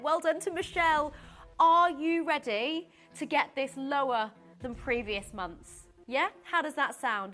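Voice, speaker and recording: A woman's voice: sits high, a bit bright. A woman presenting live on a TV shopping channel, chatty, giggly and easily flustered, talking straight to viewers. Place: TV studio.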